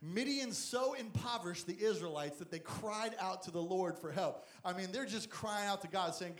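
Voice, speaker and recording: A man preaching a lively, jokey sermon as a youth pastor, acting out Bible stories. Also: high-pitched, normal speed, hardly any pauses, roomy sound. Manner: energetic, jokey, acts out Bible figures.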